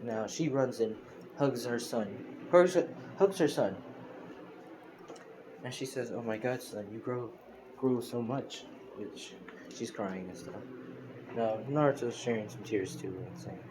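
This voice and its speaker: A young man with a somewhat low voice tells a story in a loose, rambling way, full of fillers and restarts. He was recorded on a phone, and a steady hiss sits clearly under his voice. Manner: rambling, heavy on fillers and self-corrections. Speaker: fan storyteller. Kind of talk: casual retelling of a fan story. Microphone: phone screen recorder.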